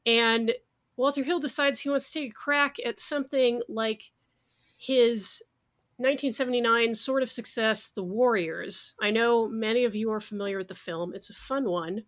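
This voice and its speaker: Bright sardonic woman podcast host. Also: a little high. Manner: sardonic, brisk, swears freely. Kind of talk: casual podcast chat.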